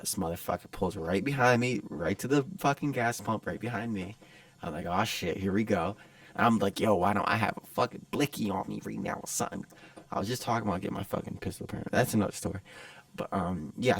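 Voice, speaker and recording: A man's voice: lowish voice, no room sound. Profane, rambling male podcast host. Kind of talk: casual storytelling monologue.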